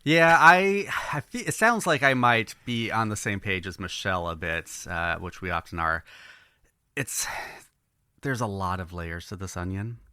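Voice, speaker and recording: A man co-hosting a podcast, talking in a thoughtful, measured casual way. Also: fairly low pitch, lively intonation, pushed and bright, clean tone, no room sound, studio quality. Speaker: podcast co-host. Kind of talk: casual chat.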